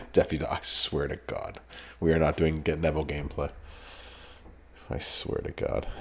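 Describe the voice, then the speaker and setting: A man's voice: deep voice, darkish tone. A man hosting a live game stream, greeting chat viewers by name in a laid-back, casual way and laughing often. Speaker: streamer host.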